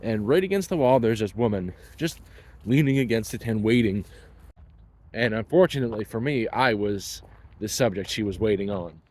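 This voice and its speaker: A man's voice: on the low side, expressive, normal speed, a little mellow, a little hiss or hum. A man in his thirties telling a personal story in a blunt, wry, casual way. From Canada. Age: 30s.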